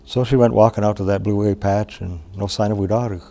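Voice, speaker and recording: A man from Wisconsin telling a traditional story in an unhurried, plain-spoken way, with pauses and restarts. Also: on the low side, steady tone, creaky, warm tone.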